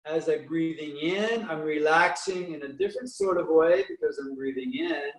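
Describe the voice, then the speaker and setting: A man leading guided breathing and meditation exercises, counting breaths slowly and calmly with frequent restarts. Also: on the high side, roomy sound, recorded from a distance, poor audio.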